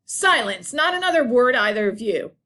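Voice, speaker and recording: A woman's voice: fairly high pitch, moderate pace. A woman voicing a firm female school principal in a read-aloud story. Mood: stern.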